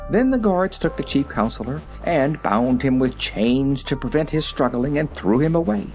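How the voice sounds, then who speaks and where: Guy reading a fairy tale out loud, super lively voice, quiet music behind. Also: mid-range voice, moderate pace. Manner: expressive, animated reading. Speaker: reader. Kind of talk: storybook narration. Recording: soft background music.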